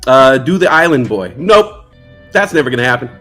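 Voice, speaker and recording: A man's voice: mid-range voice, big pitch swings, moderate pace, a bit bright, faint music behind. A man hosting a casual trading livestream, joking around and reading out chat comments. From New York. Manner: playful, jokey, reads chat aloud. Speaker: livestream stock trading host.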